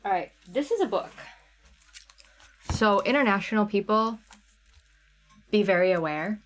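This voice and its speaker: Hosting a live craft sale, a woman keeps things chatty, calling out viewer names and reading chat comments as she replies. She speaks unhurriedly in an expressive, medium-pitched voice.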